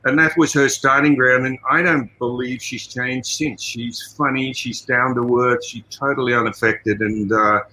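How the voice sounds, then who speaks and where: An Australian man being interviewed as a guest, telling stories in an animated, casual way with many "you know" asides. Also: mid-range voice, moderate pace, few pauses, a little hiss or hum, low-quality recording. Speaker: guest, martial arts trainer and fight coordinator.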